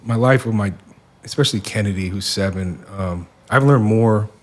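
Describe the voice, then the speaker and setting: A man in his forties from the Seattle area, a podcast guest talking in a reflective, soft-spoken way with many fillers. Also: on the low side, moderate pace. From Seattle area, USA. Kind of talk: casual podcast conversation.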